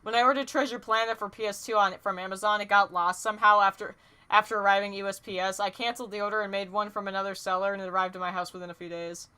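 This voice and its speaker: A young woman streaming from home, chatting casually while she draws; excitable and rambling, she laughs often and trips over her words. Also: mid-range voice, fast, clear, resonant tone. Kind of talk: casual live-stream chat while drawing.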